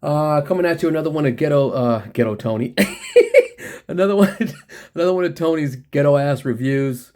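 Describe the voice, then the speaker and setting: A man's voice: on the high side, wildly swooping pitch, normal speed, darkish tone. Rambling, laid-back man from the US. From United States. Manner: rambling, laughs often, many fillers, slangy. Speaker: toy reviewer. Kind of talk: casual toy review chat.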